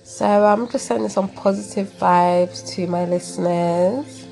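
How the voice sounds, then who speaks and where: A woman with a London accent hosting a call-in chat, slow and hesitant with many fillers. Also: mid-range voice, creaky, warm tone, soft background music. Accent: London English. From England. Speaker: host. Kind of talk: casual chat.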